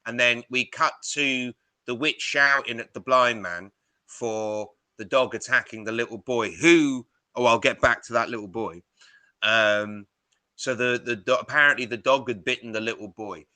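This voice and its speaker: Bright, animated man on a podcast. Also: medium pitch, moderate pace, no echo. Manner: animated, swearing, rambling retelling. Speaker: podcast co-host. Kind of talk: casual film-review chat.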